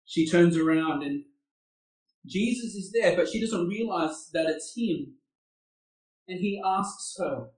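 Man, preacher, high voice, earnest sermon, echoey room, distant mic. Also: lively intonation, unhurried, darkish tone. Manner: earnest, with rhetorical questions.

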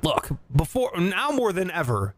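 A man co-hosting a casual chat, animated and prone to loud excited shouts. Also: high-pitched, measured pace, background noise. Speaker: podcast co-host.

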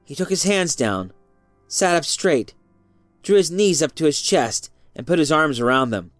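A narrator giving an expressive reading of a story. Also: medium pitch, measured pace, no echo, soft background music.

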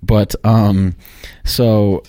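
An easygoing man with a low voice talks in a relaxed, rambling way, chatting casually as a guest. He is recorded dry and close, with no room sound. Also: drawn-out words, no echo. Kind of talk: casual chat.

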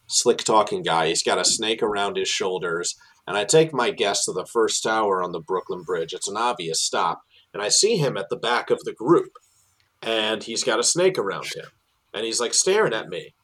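A man, working as a tour guide, telling animated stories in casual chat with many fillers and restarts. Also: normal speed, rough recording. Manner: animated storyteller, many fillers and restarts, drops low for asides.

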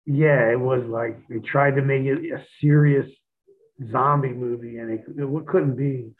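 A man's voice: mid-range voice, unhurried. A man, a former pro wrestler, chatting as a guest and telling stories with a lot of swearing, acting out what he said back then. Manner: profane, animated storytelling, acts out his own past lines. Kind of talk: casual podcast chat. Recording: tinny phone line.

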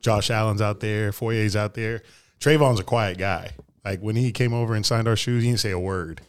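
Lowish-voiced casual sports fan man. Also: steady tone, normal speed, clear, resonant tone. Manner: loose, swears, trails off. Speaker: fan podcast co-host.

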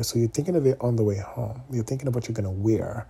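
A young man talking casually to his viewers, candid and animated, often checking in with "okay?" asides. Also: mid-range voice, fast, creaky, hardly any pauses, breathy edge. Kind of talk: casual vlog monologue.

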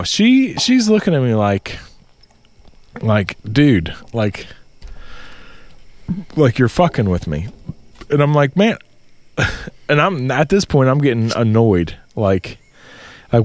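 A man telling a story in casual podcast chat, swearing a lot and getting loud in disbelief. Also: medium pitch, no room sound. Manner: profane, animated storytelling, rising to loud disbelief. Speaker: podcast co-host.

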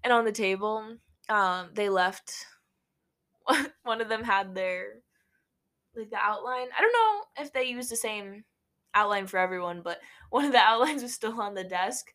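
A woman's voice: mid-range voice, lively intonation, a little slow, fairly bright tone. A young woman from Nebraska casually telling a story to camera, chatty, with frequent laughs and lots of "like". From Nebraska, USA. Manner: chatty, laughs often, many "like" fillers. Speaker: vlogger.

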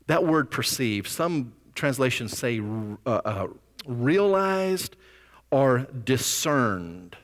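A male pastor preaching a sermon in a conversational, animated storytelling way, with scripture readings. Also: mid-range voice, slow pace, in a large hall.

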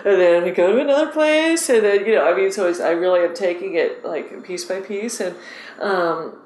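A woman fishing guide, excitable and animated, telling stories in a casual interview. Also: medium pitch, normal speed, roomy sound, poor audio.

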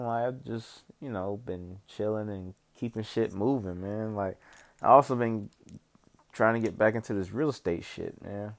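A young man with a fairly low voice talks to camera in a loose, rambling vlog. He swears freely and fills gaps with slang and repeated "you know what I'm saying." The delivery stays laid-back and conversational. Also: vocal fry. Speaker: vlogger giving life updates. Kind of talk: casual profane monologue.

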